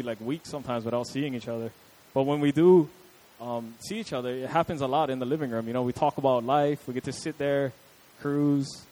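A man's voice: mid-range voice, a little mellow, low-quality recording. A young adult man preaching a casual, conversational sermon with chatty asides to his listeners.

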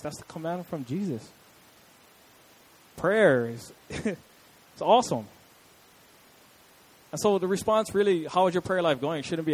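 A man's voice: on the high side, animated, normal speed, pauses often, darkish tone, rough recording. A young adult man preaching a casual, conversational sermon with chatty asides to his listeners.

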